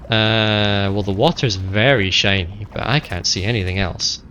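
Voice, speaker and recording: A man's voice: lowish voice, a little slow, few pauses, sharp tone, a little hiss or hum. A man streaming a survival game live, chatting to himself and to chat with sing-song muttering between remarks. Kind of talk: live gameplay commentary.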